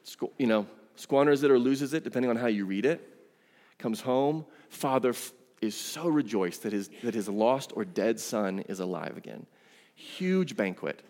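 A man preaches from the pulpit in a relaxed, conversational way, pressing hard on key phrases and slipping in casual asides. His voice sits in a middle pitch range. The sound rings with the long reverb of a church hall. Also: moderate pace. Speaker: pastor. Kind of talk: sermon. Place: church sanctuary.

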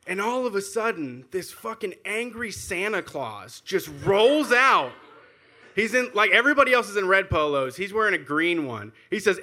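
A man with a bright, fairly high voice tells an anecdote in casual banter. He swears freely and acts out the lines of the people in his story. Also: big pitch swings, moderate pace. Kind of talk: casual chat.

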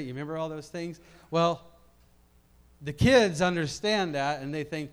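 A pastor with a clear, resonant voice, a little high and a little slow, delivers a sermon to his congregation. He shifts between reflective quiet and emphatic loudness, repeating words as he builds up.

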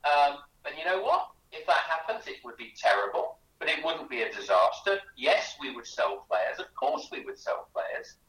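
A man's voice: on the high side, very animated, moderate pace, hardly any pauses, fairly bright tone, reverberant, far from the mic, poor audio. A man, a guest author on a radio interview, telling chatty anecdotes with many restarts. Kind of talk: animated storytelling in a radio interview.

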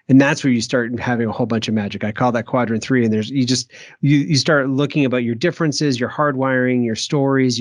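A man from Maine speaks as a podcast guest at a middle pitch. He talks reflectively, often restarting his sentences and giving small laughs. The sound is dry and close, with no room echo. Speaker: author and guest. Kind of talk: podcast interview.

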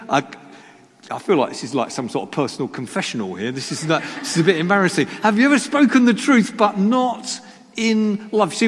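Sitting high and sounding husky, a pastor's voice fills a reverberant church hall during his sermon. He teases himself and keeps asking the congregation rhetorical questions.

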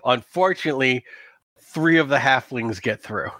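A man's voice: mid-range voice, expressive, normal speed, a bit bright, dry recording. A man narrating a tabletop game as game master in a casual, rambling way, with lots of "like" and "um.".

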